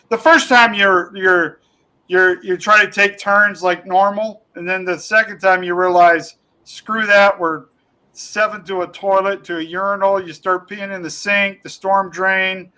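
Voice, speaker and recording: A man with a high, bright voice, chatting as a comedian guest on a podcast. He rambles through his stories with plenty of fillers and restarts, laughing along as he goes. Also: smooth, rough recording. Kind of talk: casual podcast chat, telling funny stories.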